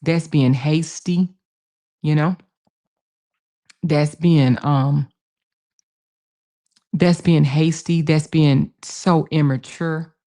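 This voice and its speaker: A woman hosts a casual livestream, reading viewer comments and answering them while repeating her points for emphasis and calling people baby and honey. Her voice is deep, steady, and mellow, with drawn-out words and frequent pauses.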